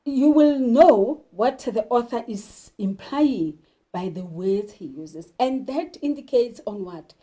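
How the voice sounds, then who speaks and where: A woman teacher explaining poetry and literature terms, slowly asking questions and answering them herself. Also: fairly high pitch, expressive, mellow. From South Africa. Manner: slow, deliberate, poses questions then answers them. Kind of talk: literature lesson.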